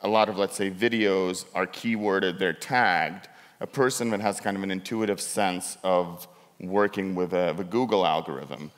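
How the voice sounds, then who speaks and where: A man's voice: low-pitched, moderate pace. A man, a documentary filmmaker, explaining his work on a conference panel in loose, restarting sentences. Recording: long hall reverb.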